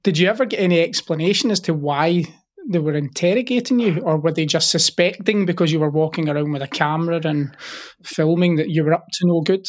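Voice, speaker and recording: A man's voice: a little high, a little fast. A man hosting a podcast, asking questions casually and hesitantly, with restarts and rephrasing. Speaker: podcast host, interviewer. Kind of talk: casual interview.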